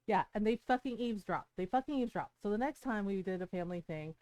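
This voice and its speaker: A woman's voice: mid-range voice, animated, fast talker, darkish tone, dry recording, low-quality recording. A middle-aged woman game streamer telling a story on a live stream, heated and emphatic, swearing often.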